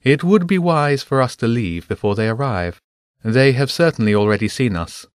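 Male narrator as a matter-of-fact falcon; calm, precise, dry wit. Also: medium pitch, normal speed, clear, resonant tone, dry recording, lightly acted.

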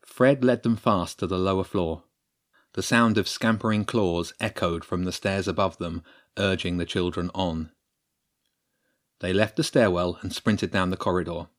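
Male narrator, low voice, expressive storybook read. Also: moderate pace.

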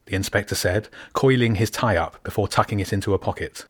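A man's voice: low voice, steady tone, moderate pace, no room sound, studio quality. A man narrating a children's fantasy story aloud, reading each character's lines in small shifts of voice. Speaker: audiobook narrator. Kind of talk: scripted narration.

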